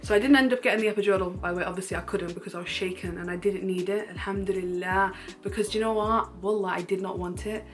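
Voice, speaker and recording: A young woman, candidly retelling a personal story in a casual vlog, animated and full of fillers. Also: mid-range voice, fast talker, soft background music. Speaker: vlogger.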